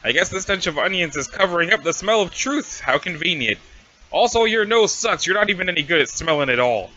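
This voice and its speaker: A man's voice: high-pitched, lively intonation, a little fast, pushed and bright, lo-fi sound, heavily acted. A man doing a smug teen troll girl. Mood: teasing. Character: smug playful teenage alien troll girl. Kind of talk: reading a webcomic aloud with voices.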